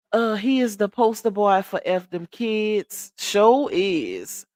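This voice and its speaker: A woman's voice: mid-range voice, no echo, clean studio sound. A woman hosting a casual gossip live stream, reading viewer comments aloud and answering them, emphatic and repetitive. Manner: chatty, emphatic, repeats herself, addresses viewers as y'all and child.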